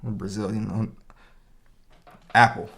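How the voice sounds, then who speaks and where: A man's voice: on the low side, flat delivery, measured pace, creaky, bright, forceful tone. A man co-hosting a podcast in casual chat, rambling and joking with lots of "you know" fillers. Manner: joking, laid-back. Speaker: podcast co-host.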